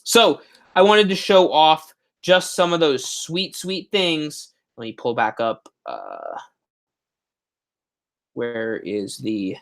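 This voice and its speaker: A man's voice: fairly high pitch, very animated, slow, a bit bright. A young man hosting a live stream, chatting enthusiastically and a bit ramblingly about expo footage, often correcting himself mid-sentence. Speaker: horror haunt channel host.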